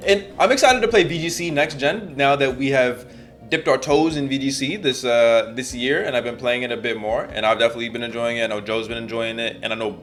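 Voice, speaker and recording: Excitable man, laughing through casual chat. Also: mid-range voice, a little fast. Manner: excitable, laughs often mid-sentence. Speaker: co-host of a competitive game discussion.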